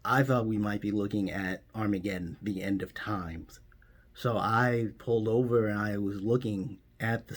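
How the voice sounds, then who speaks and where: Deadpan man telling a rambling comic story. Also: on the low side. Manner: mock-serious, rambling storytelling. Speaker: comedian doing a parody monologue.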